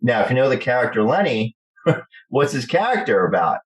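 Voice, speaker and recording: Animated New Jersey man telling stories. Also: mid-range voice, moderate pace, poor audio. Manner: animated storyteller acting out quoted voices. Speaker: guest actor. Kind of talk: storytelling interview chat.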